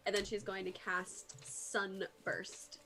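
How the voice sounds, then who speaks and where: A woman playing in a tabletop role-playing game, describing her character's actions plainly, with pauses. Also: medium pitch, monotone, sharp tone. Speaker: player. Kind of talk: casual tabletop play on a live stream.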